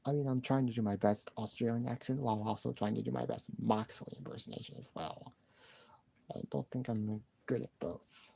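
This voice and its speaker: Gravelly-voiced man rambling on a live stream. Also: medium pitch, a little fast, warm tone, no echo. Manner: rambling, repeats himself, sighs. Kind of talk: casual live-stream chat.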